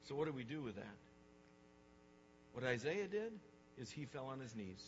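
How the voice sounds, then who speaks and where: A man's voice: mid-range voice, sing-song, moderate pace, highs cut off, slight background noise. Emphatic preaching man in a roomy hall. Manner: emphatic, repeats words for stress, swings from hushed to loud. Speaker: pastor. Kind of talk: sermon.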